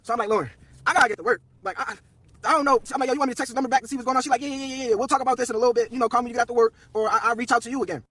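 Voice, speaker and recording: A man's voice: very high-pitched, steady tone, racing, pushed and bright, no room sound. A young man telling a long personal story on a live stream, slangy and profane, quoting everyone in turn.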